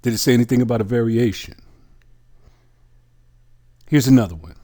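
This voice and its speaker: A man preaching a sermon, reading scripture aloud and putting pointed questions to his listeners in a slow, emphatic teaching manner. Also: medium pitch, warm tone.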